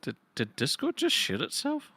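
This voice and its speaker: A man's voice: sits high, huge pitch swings, normal speed, sharp tone, husky, dry recording. A man co-hosting a casual live stream, telling stories animatedly and laughing often. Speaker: stream co-host.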